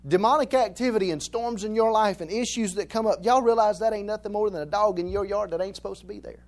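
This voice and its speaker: A Southern man from Alabama preaches in a high, light voice. His sermon feels like easy talk, full of homespun jokes, and he drives his points home by saying them again and again. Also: fast, a little mellow. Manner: folksy, joking, repeats phrases for emphasis. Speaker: pastor. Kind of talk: conversational sermon.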